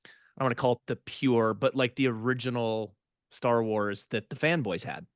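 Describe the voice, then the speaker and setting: A man's voice: medium pitch, normal speed, no echo, clean studio sound. A man hosting a podcast interview, an eager fan who asks long, rambling questions. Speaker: podcast host. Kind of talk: casual interview.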